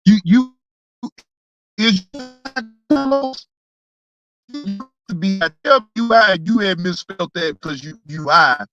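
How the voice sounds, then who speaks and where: A reaction channel host in casual commentary, laughing often, teasing chat viewers and repeating words in excited bursts. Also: mid-range voice, slow, long pauses, dull audio, faint music behind.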